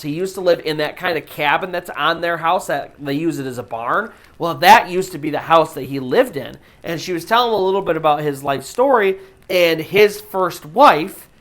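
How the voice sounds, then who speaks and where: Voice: medium pitch, a bit bright. A storyteller host retelling a true ghost story in a casual, conversational way, full of "you know" fillers.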